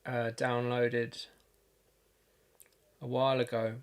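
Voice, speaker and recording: A man producing music on a livestream, talking casually and haltingly, thinking aloud with lots of fillers and restarts. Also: mid-range voice, completely flat delivery, smooth. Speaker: music producer streaming a session.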